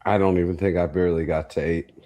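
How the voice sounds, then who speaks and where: Very deep-voiced man telling a profane story. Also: flat delivery, quick pace, mellow. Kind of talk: casual chat, storytelling.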